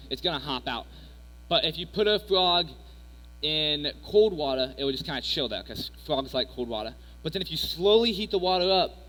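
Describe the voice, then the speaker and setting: Speaking as a youth speaker, a young man with a slightly high, bright, forceful voice delivers a casual, rambling sermon packed with personal stories and fillers. Mains hum runs through the echoey hall recording.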